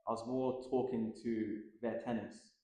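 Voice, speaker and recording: A man in his thirties, a tennis coach chatting easily as an interview guest, with lots of fillers and quick laughs. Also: mid-range voice, very echoey. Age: 30s. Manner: relaxed, filler-heavy, laughs often. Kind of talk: casual interview chat.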